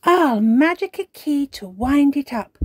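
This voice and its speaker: Lady doing a tiny fairy princess girl, squeaky high and urgent. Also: lively intonation, measured pace, no echo.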